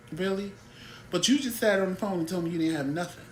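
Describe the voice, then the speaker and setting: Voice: medium pitch, quick pace, reverberant, slight background noise. A talk show host telling stories in a blunt, exasperated, casual way.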